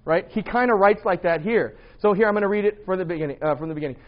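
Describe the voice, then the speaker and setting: A man's voice: high-pitched, quick pace, highs cut off. A man teaching a Bible class in a conversational way, quizzing his students and often checking with "right?".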